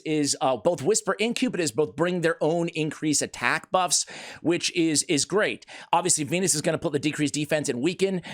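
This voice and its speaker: Excitable man commentating a game. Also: on the high side. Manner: excitable, jokey, self-mocking. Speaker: gaming video host.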